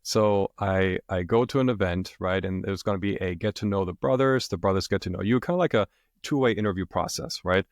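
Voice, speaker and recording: A man with a fairly low voice shares a story on a podcast in a relaxed, casual way, often checking in with his listener. He grew up in Germany. The sound is dry and close. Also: a little fast, dry recording. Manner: relaxed, animated, tags lines with "right?". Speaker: podcast guest, author.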